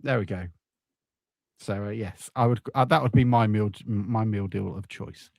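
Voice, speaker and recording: A man's voice: fairly low pitch, moderate pace, vocal fry, no echo. Dry-voiced podcast host, a man. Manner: relaxed, joking, with fillers. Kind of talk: casual football podcast chat.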